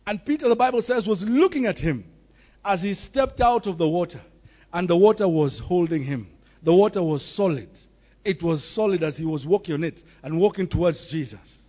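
A man delivers a sermon in a high voice, pressing each point with emphatic repetition. The recording sounds dull and lo-fi, with the top end muffled. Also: lively intonation, normal speed, warm tone. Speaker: preacher.

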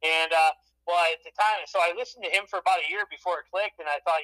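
A man's voice: fairly high pitch, quick pace, sharp tone, low-quality recording. A man from Michigan, a podcast guest telling long rambling anecdotes in a casual chat.

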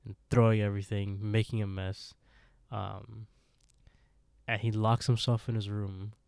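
On a podcast, a co-host with a lowish, gravelly voice casually retells a horror story, acting out the characters' lines and laughing often. The recording is dry and studio-clean.

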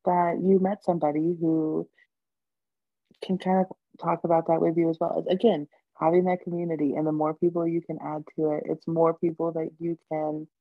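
Brief: woman co-host, low mellow voice, affirming chatty delivery, dry dull recording. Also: dry recording. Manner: warm, affirming, filler "like". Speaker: podcast co-host. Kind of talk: casual chat.

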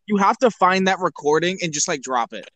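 A man's voice: sits high, animated, a little fast, fairly bright tone. A young man guesting on a casual podcast, talking in a laid-back, slangy, playful way.

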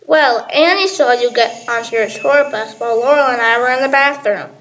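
A woman's voice: a little high, highs cut off, a little hiss or hum, close to an everyday voice. Woman voicing an eager, curious schoolgirl. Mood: excited. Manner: excited, quick to suspect.

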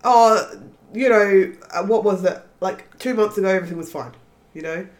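A woman's voice: mid-range voice, normal speed. A woman with a blocked, stuffy nose co-hosting a podcast, dry and teasing as she runs the segments. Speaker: podcast co-host. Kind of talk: casual chat.

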